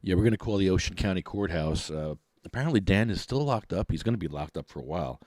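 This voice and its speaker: A middle-aged man, hosting a podcast and ranting in a mocking, animated way. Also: low voice, quick pace, dry recording. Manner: animated, mocking, laughs often. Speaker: podcast host.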